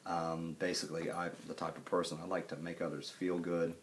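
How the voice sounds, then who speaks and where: Male college lecturer, deep voice, loose and rambling, jokes with the class. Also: flat delivery, a little hiss or hum. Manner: rambling, halting, with many fillers and restarts; casual and joking with students.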